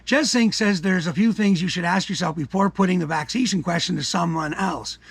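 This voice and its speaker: An older man from Canada ranting his opinions in a combative, profane way, dropping to mutters and rising to shouts. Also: sits high, a little fast, gravelly, husky, dry recording. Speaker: commentary vlogger. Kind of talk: angry opinion rant.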